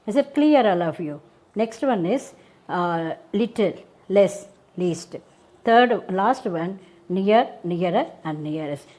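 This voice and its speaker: A woman's voice: medium pitch, animated, takes it slowly, darkish tone, a little hiss or hum, low-quality recording. A woman teacher with an Indian English accent explaining grammar rules to a class, spelling out word endings letter by letter and checking whether students follow. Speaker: school teacher.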